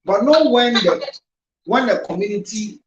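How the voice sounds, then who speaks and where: A man hosts an advice show as counselor and explains things firmly. His voice sits fairly high for a man. It rings in an echoey room, with a faint hiss underneath. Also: lively intonation, unhurried, highs cut off. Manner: firm, explanatory, advising. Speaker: counselor and host.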